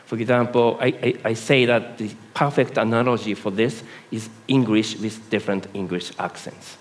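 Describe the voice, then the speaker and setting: A man speaking on a conference panel, halting and full of hesitations. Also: lowish voice, fairly even intonation. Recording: reverberant conference hall.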